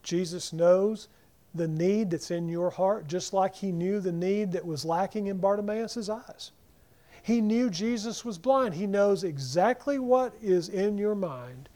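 High-voiced male preacher with a mellow tone. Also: measured pace. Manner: preaching with shifts between loud emphasis and near-whisper. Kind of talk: sermon.

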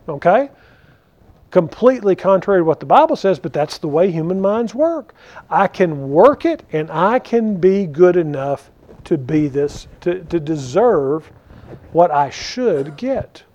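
A man teaching a conversational Bible study, animated and full of questions to his listeners. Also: on the high side, a little slow. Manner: animated, rhetorical questions to the audience. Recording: dull lo-fi recording.

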